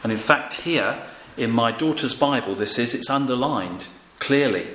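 An older man preaches a sermon in a relaxed, conversational style, using fillers and frequently prompting his listeners to respond. His mid-range voice is expressive and fairly bright, moving at a moderate pace. The room is echoey, with faint ambient noise.

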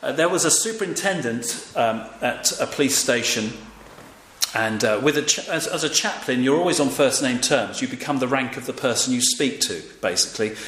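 A man's voice: mid-range voice, lively intonation, moderate pace, fairly bright tone. Older man preaching in an echoey church. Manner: conversational, with fillers and audience prompts. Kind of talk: sermon. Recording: echoey room with faint ambient noise.

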